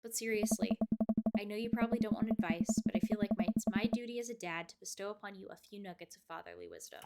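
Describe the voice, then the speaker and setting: A woman voicing a gentle, joking father who reassures his teenage daughter, read from a game script. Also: medium pitch, very animated, fast talker. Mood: tender. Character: gentle, goofy dad comforting his daughter. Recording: loud game music behind.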